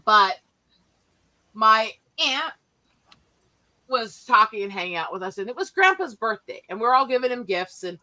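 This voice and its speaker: A woman telling family stories in a casual chat, animated and profane, often laughing as she talks. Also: fairly high pitch, normal speed, long pauses, poor audio.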